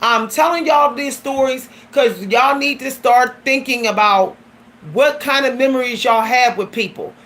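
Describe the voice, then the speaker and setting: A woman's voice: sits high, unhurried, fairly bright tone. A woman vlogger giving a blunt, emphatic personal monologue that often turns preachy.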